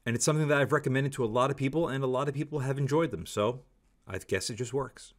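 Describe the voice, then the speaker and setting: A man's voice: medium pitch, fast. A man giving a candid, opinionated product review, talking casually and repeating stock phrases. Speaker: scope reviewer.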